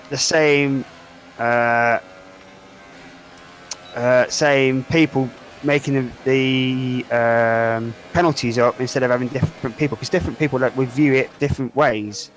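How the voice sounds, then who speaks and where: A man's voice: mid-range voice, measured pace, rough recording. A man chats on a podcast with a mid-range voice, stopping to search for words and asking "wasn't it?" at the end of his points. Faint music sits behind him. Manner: hesitant, fills with um and uh, ends on tag questions. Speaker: podcast co-host. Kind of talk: casual chat.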